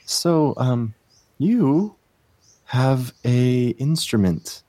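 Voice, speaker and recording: A man voicing a gentle, slender dryad professor who lives in a birch tree, speaking in a sing-song way. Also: medium pitch, animated, drawn-out words, voice pushed up.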